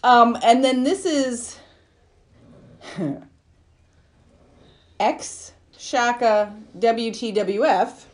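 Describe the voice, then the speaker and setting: A woman's voice: fairly high pitch, extremely slow, long pauses. A woman hosting a casual podcast, reading out film reviews and laughing through her own lines. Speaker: podcast host.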